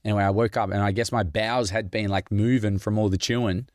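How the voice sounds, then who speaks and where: A podcast host answers listener questions in a casual Q&A chat, jokey and rambling and laughing often. His voice is lowish with fairly even intonation, and he talks fast. The recording is dry.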